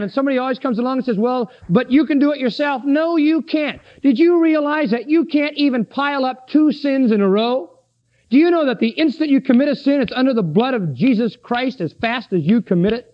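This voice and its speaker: A man's voice: very high-pitched, lively intonation, a little fast. A man preaching a sermon with emphasis, asking his listeners questions and answering them. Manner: emphatic, asks the congregation questions. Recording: dull lo-fi recording.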